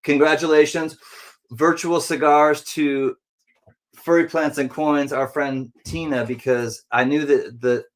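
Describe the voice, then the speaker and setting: A man hosting a casual livestream who greets viewers one by one in a friendly, rambling way and now and then jumps into silly high voices. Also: fairly even intonation, measured pace.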